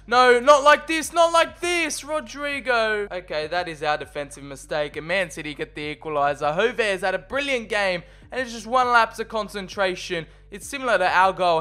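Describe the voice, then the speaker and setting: A young man commentating on his own football video game match, shifting from calm play-by-play to loud excited shouts. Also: high voice. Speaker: gaming video creator. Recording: faint background music.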